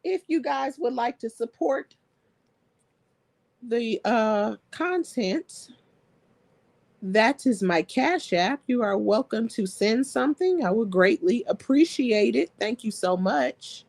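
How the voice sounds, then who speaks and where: Gravelly-voiced woman live stream host. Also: fairly high pitch, lively intonation, takes it slowly, a little mellow, no echo. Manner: chatty, laughs often, reads comments aloud. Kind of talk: casual live stream chat reading viewer comments.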